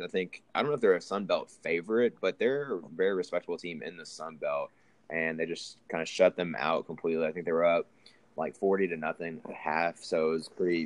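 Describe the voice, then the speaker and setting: Young man, low deep voice, rambling casual podcast host, dry close sound. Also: no room sound. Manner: rambling, frequent restarts and fillers. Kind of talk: casual sports chat.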